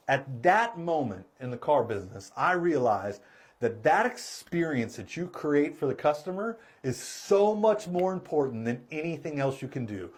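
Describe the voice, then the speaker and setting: A middle-aged man, a car sales trainer, telling a story in a casual, animated way and laughing as he goes. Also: fairly high pitch.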